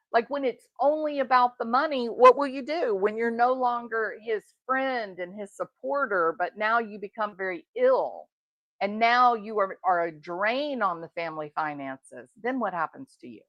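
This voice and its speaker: Speaking directly to the subject, a middle-aged woman delivers indignant, forceful true crime commentary as host. She's on the high side at a moderate pace, with no room sound and the top end cut off.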